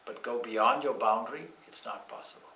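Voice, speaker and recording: A man teaching scripture to a class, speaking calmly and reflectively, with slow, deliberate phrasing and everyday anecdotes. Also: medium pitch, distant mic. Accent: Irish. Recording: echoey room, speaker off-mic.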